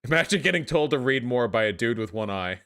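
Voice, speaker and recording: A young man hosting a livestream, reacting to chat with sarcastic, animated commentary full of swearing. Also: mid-range voice, fairly quick, clear, resonant tone. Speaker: livestream host.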